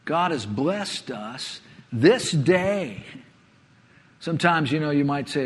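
A man preaching a sermon, earnest, often letting his voice sink to a hush before rising again. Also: on the high side, lively intonation, takes it slowly. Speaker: pastor. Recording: long hall reverb.

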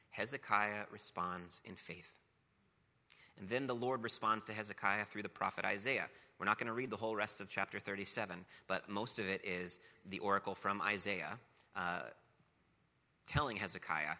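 A man's voice: low-pitched, fairly even intonation, moderate pace, pushed and bright. A man preaching a sermon, talking casually between passages of scripture that he reads aloud with emphasis. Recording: long reverb of a large hall.

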